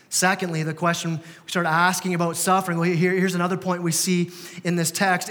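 Bright-voiced pastor preaching. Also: male voice, high-pitched, little pitch movement, moderate pace. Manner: conversational, emphatic, repeats words. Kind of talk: sermon. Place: church. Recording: reverberant church hall.

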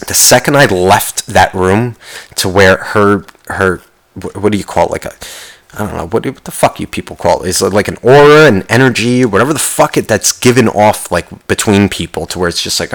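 A man's voice: on the low side, lively intonation, fairly quick, a bit bright, rough recording. A man giving a rambling comic rant. He swears freely and muses aloud, with many restarts. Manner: rambling, profane, musing aloud. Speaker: vlogger.

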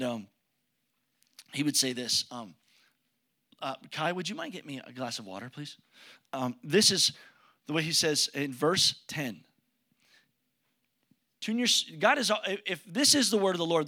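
Male pastor, conversational sermon delivery, high pitched with a crisp bright tone. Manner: conversational preaching with jokes and questions to the congregation. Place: church sanctuary with congregation.

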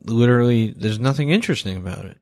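A man's voice: mid-range voice, animated, fast talker, darkish tone, no room sound, clean studio sound. A man talking casually and bluntly on a movie podcast, rambling with lots of fillers and the odd swear word. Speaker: podcast co-host. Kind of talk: casual movie-review chat.

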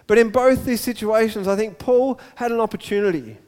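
A man preaching a sermon, retelling a story in a lively, storytelling way that often repeats and restarts words. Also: high-pitched, a little fast. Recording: echoey hall.

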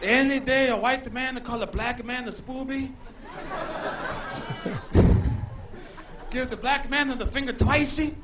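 Comic doing a squeaky filipino-accented friend, broken english, lecturing, distant live crowd noise. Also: male voice, fairly even intonation, slow, pauses often, over music. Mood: mournful. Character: excitable male friend, broken English, preachy.

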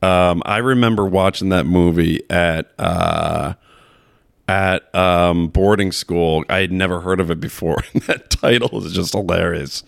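A man with a very low, gravelly voice rambles through a casual movie chat, laughing often and swearing freely. The sound is dry and close. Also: measured pace, no echo.

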